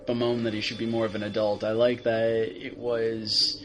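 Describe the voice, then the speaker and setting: A man's voice: lowish voice, completely flat delivery, moderate pace. Rambling man co-hosting a casual podcast. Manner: rambling, hesitant, quotes lines in playful voices. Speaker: podcast co-host. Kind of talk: casual review chat.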